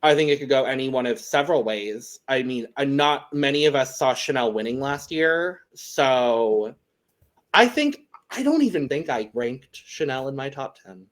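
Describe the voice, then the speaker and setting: Animated and mid-range in pitch, this man keeps a moderate pace as a podcast co-host. He's chatty, laughs frequently, and is wrapping up the show.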